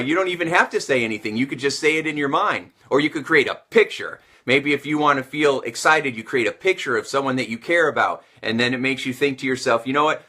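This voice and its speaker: A male sales and communication coach speaks straight to camera with a bright, forceful tone. He teaches in an energetic, motivational style and leans on repetition to stress his points. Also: mid-range voice. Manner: energetic, repeats phrases for emphasis.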